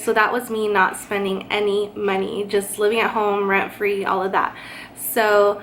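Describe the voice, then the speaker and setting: A woman's voice: mid-range voice, little pitch movement, measured pace, a bit bright, slight background noise. A young woman from California telling a personal story in a chatty vlog style, with lots of fillers. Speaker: vlogger. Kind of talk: casual storytime.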